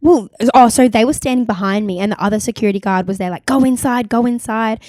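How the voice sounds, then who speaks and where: A young woman with an Australian accent co-hosting a podcast, telling stories in a quick, animated, casual way. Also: medium pitch, no room sound, clean studio sound. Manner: animated storytelling, quick, full of "like" and laughs. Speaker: podcast co-host. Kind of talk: casual chat.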